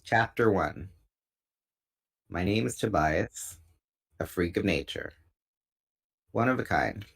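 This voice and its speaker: Low-voiced man reading a novel aloud. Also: takes it slowly, vocal fry, long pauses, husky. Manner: relaxed, unpolished reading with small self-corrections. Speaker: book reader.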